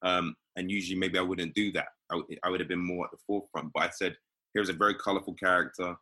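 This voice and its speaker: A man's voice: low voice, steady tone, fast, sharp tone. A man, an actor talking as an interview guest in a thoughtful way, often restarting and repeating words. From England. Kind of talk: casual interview chat.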